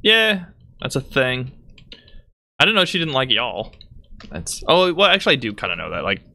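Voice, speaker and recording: A man's voice: mid-range voice, big pitch swings, moderate pace, creaky, pushed and bright. A man from Michigan with a Midwestern accent and a little Texas twang, telling stories animatedly on a live stream and laughing often. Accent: Midwestern American with some Texas twang. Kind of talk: casual storytelling chat.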